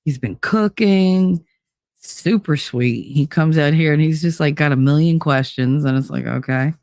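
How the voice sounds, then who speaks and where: A woman in her forties hosting a show, telling personal stories casually and acting out the quotes with big jumps in pitch. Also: a little slow, darkish tone, no echo, clean studio sound. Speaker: podcast host. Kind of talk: casual storytelling monologue.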